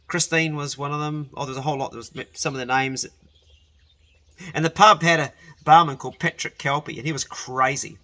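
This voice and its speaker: A man's voice: on the high side, fairly even intonation, brisk, sharp tone. A man telling a rambling personal story in a casual way, often correcting himself and laughing as he goes.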